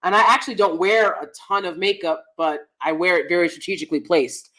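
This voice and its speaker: A woman's voice: lowish voice, steady tone, a little fast, fairly bright tone. A woman hosting a casual livestream chat, reading viewer comments and giving emphatic, opinionated advice with lots of repetition. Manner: emphatic, opinionated, repeats herself for stress. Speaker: host.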